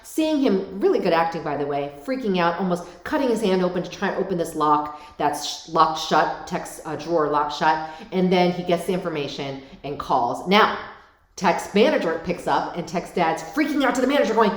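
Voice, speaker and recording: A middle-aged woman talking casually to camera about parenting, animated and addressing viewers directly. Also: on the low side, moderate pace. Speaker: parenting vlogger. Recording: echoey room.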